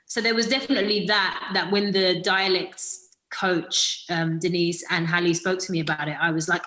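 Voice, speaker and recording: A woman's voice: fairly low pitch, fairly even intonation, moderate pace, a bit bright, poor audio. A British woman giving a thoughtful interview about her acting role, with many fillers and restarts. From Britain. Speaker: actor, interview guest. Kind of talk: casual interview talk.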